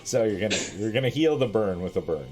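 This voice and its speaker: A man narrating as game master of a tabletop game in a relaxed, rambling way. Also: fairly low pitch, quick pace, over music.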